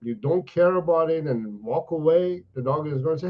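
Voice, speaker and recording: A man's voice: a little high, lively intonation, moderate pace, hardly any pauses, muffled recording. A man, a dog trainer, answering viewers live in a chatty way, often repeating words and saying "you know" and "right?". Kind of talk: live-stream Q&A.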